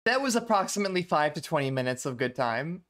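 Giggly woman streamer, lively voice. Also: sits low, quick pace. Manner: giggly, laughing often while reacting. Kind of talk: casual live-stream commentary.

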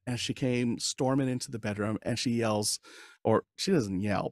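A man's voice: mid-range voice, normal speed, no room sound, studio quality. A man in his forties, a podcast guest, telling a story in casual interview talk and acting out quoted dialogue with frequent laughs. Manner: animated, acts out quoted dialogue, laughs often.

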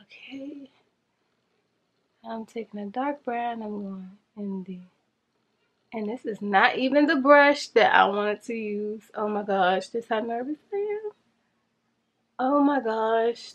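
A woman chatting to viewers in a casual makeup challenge vlog, flustered and rushing against a timer. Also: a little high, lively intonation, muffled recording. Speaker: beauty vlogger.

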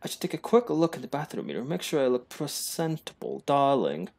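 A man doing a nervous, posh young 1920s gentleman. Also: mid-range voice, very animated, brisk, creaky. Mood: dreamy. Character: anxious, lovestruck young man in 1920s hotel. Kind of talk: posh put-on voice.

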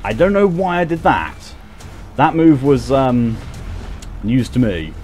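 A man's voice: mid-range voice, big pitch swings, takes it slowly, noisy background. A man giving casual, self-mocking commentary while he plays a game on stream, often laughing at his own mistakes. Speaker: gaming streamer.

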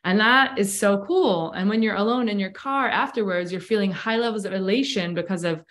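Enthusiastic woman coach, mid-pitched. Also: brisk, a bit bright. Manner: enthusiastic, explains with flowing run-on sentences. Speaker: breathwork and cold exposure coach. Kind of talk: casual interview chat.

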